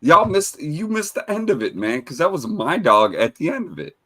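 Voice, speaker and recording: A man co-hosting a casual livestream who tells profane, animated stories. His pitch swings widely as he talks. His voice has a bright, forceful edge. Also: moderate pace. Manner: animated, profane storytelling, laughs often.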